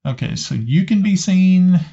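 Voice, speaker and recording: Slow, gravelly game master man. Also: high voice, expressive, dark tone. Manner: hesitant, restarting often. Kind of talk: narrating a tabletop game. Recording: slightly muffled lo-fi audio.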